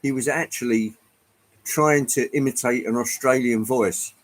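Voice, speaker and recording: A man's voice: mid-range voice, steady tone, a little slow, poor audio. A man hosting a casual livestream, chatting to viewers in a rambling, hesitant way with frequent ums, from Britain. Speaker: livestream host. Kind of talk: casual chat with live chat viewers.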